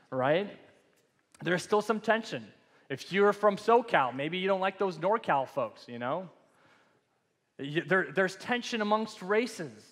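A man preaching a sermon as pastor in a loose, joking, conversational way. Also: a little high. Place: church sanctuary. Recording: long church hall reverb.

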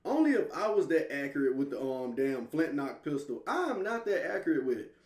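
A man's voice: a little high, very animated, fairly quick, a little mellow, far from the mic. A man joking and laughing as he reacts to a gameplay video. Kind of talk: casual reaction commentary. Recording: roomy, off-mic.

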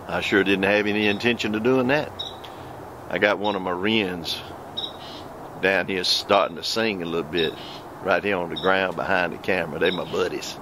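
A man preaching a video sermon outdoors in a folksy, animated way, with sudden loud outbursts. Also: lowish voice, a little hiss or hum. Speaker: preacher and host. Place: outdoors by the woods near his porch.

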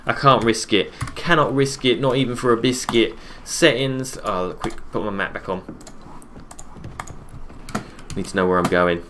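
A man streaming a game live, chatting casually, reading viewers' messages aloud and answering them between quick calls about the play. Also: medium pitch, noisy background. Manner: relaxed, chatty, repeats his own phrases. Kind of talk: casual live-stream commentary while gaming.

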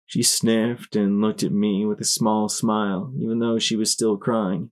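A man giving dramatic, expressive first-person audiobook narration. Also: fairly low pitch, measured pace, hardly any pauses.

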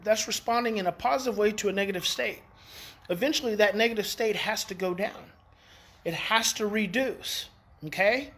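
A man and parenting educator in a casual daily talk to viewers. He is emphatic, repeats key phrases and swings in pitch. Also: a bit bright. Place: outdoors in the evening.

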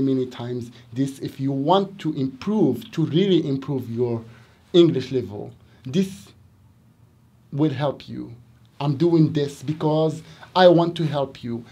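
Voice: medium pitch, warm tone, breathy edge. An English teacher with a Moroccan accent giving a lesson to Arabic speakers, repeating words and stressing them theatrically.

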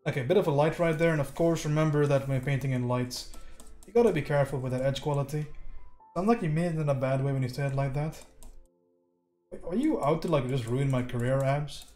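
Working through a casual live painting critique, a man with a mellow mid-range voice talks fairly quickly, cracking loose jokes, swearing, and replying to his chat. He's a livestreaming art instructor, heard with roomy echo and faint music in the background.

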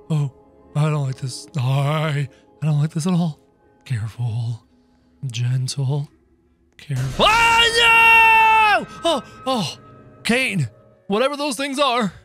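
A man doing excitable, jokey game commentary, yelping and shouting as he plays. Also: high voice. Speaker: gaming channel host. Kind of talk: game commentary, playing in character.

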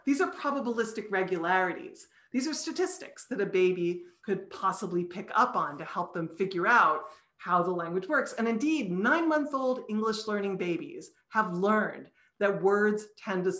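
A psychology professor with a medium-pitched, slightly bright voice gives a recorded online lecture over a video call. She explains ideas patiently, sounding out syllables as examples, and the audio is reverberant.

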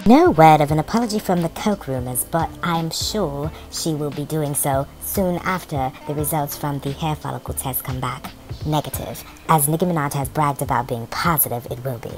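A woman's voice: sits low, lively intonation, normal speed, darkish tone, faint music behind. A woman host reading scripted commentary in a wry, skeptical tone.

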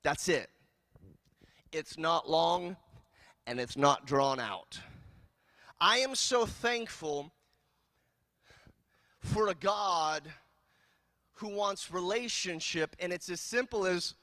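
A man from California preaching a sermon as pastor, telling jokes and stories in an animated way. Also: high voice, slow pace, long pauses, no room sound, clean studio sound. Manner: animated, joking storyteller. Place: church.

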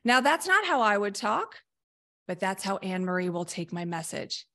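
Energetic, emphatic woman coach explaining. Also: mid-range voice, normal speed. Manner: energetic and emphatic, often acting out short coaching lines. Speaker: mental performance coach. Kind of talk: explaining coaching methods in a podcast discussion.

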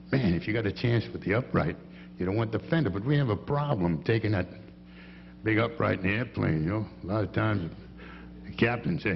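A man with a low, gravelly voice teases his bandmates and spins folksy stories between tunes, speaking into a stage microphone at an outdoor jazz festival. The audio is dull and lo-fi, with a faint hum beneath it. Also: in a large hall. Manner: folksy storyteller, teasing the band members. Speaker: bandleader introducing his band. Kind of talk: on-stage joke-telling and band intros.

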